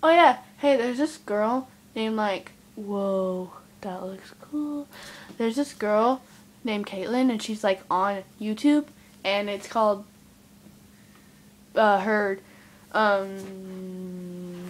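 A woman's voice: medium pitch, slow. A female vlogger chatting casually to camera in a chatty, mock-dramatic, giggly way. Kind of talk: casual vlog chat.

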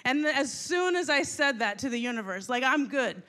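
Bubbly high-voiced woman in her forties. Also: expressive, fairly quick, a bit bright. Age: 40s. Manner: bubbly, chatty, teasing the crowd. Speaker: stand-up comedian. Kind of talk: stand-up comedy. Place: stage in a live comedy venue.

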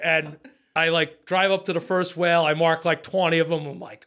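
Animated, cursing fishing captain telling a story. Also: male voice, on the high side, normal speed. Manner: animated, profane storyteller who acts out his own lines. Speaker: charter boat captain. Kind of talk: casual podcast storytelling.

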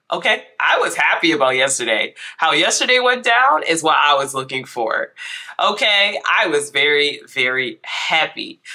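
A man hosting a casual recap vlog, chatty and animated, his voice stuffy from a cold. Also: a little high. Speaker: YouTube host.

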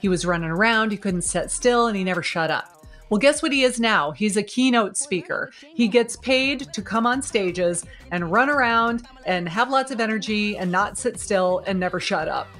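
A woman in her fifties, a video marketing coach, giving an energetic, emphatic and encouraging motivational talk straight to camera. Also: mid-range voice, normal speed, faint music behind.

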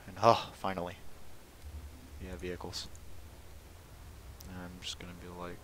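A man's voice: low-pitched, monotone, normal speed, fairly bright tone, slight background noise, poor audio. A young man giving casual, sarcastic commentary while playing a shooter game, often exasperated and mocking himself. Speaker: gaming commentator.

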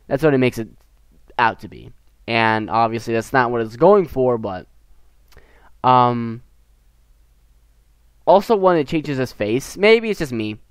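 A man's voice: mid-range voice, lively intonation, measured pace, pauses often, smooth, no echo. An American teenage boy casually reviewing a short film, rambling and giggling, with lots of fillers and restarts. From United States. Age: teens. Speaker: gaming YouTuber.

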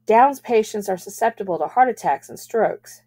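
A woman's voice: medium pitch, lively intonation, moderate pace, warm tone, pitched above the performer's own voice, close to an everyday voice. Brief: female reader doing a protective mother, firm and caring. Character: protective middle-aged nurse mother.

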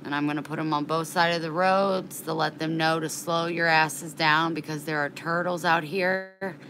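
Low-voiced woman venting in a casual vlog. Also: fairly even intonation, normal speed, a bit bright, slight background noise, poor audio. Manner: rambling, worked up and indignant; folksy, frank, swears casually. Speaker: vlogger.

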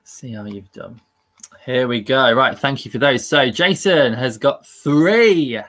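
A man's voice: medium pitch, slow pace, fairly bright tone. Upbeat chatty man hosting a live quiz. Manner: upbeat and chatty, laughing at himself. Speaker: quiz host.

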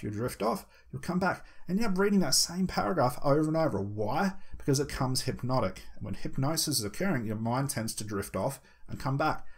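A man teaching hypnosis, talking to the viewer and slowing down with deliberate pauses to show a hypnotic voice. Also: medium pitch, gravelly, husky. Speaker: hypnosis instructor. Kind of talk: instructional talk.

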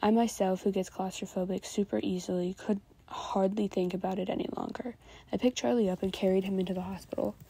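A woman reading fan fiction aloud into a new microphone, steady with small slips. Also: medium pitch, fairly quick, gravelly, slightly rough. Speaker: fanfiction reader.

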